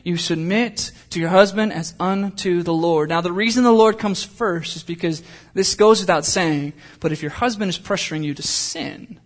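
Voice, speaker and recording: A man's voice: high-pitched, normal speed. A young adult man preaching as a pastor, talking conversationally with jokes and personal asides. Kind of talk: sermon.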